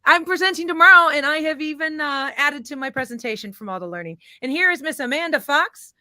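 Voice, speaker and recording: A woman's voice: high voice, a little fast, pushed and bright, dry recording, studio quality. A woman co-hosting a live webinar, enthusiastically welcoming viewers and greeting people in the chat by name. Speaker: webinar co-host.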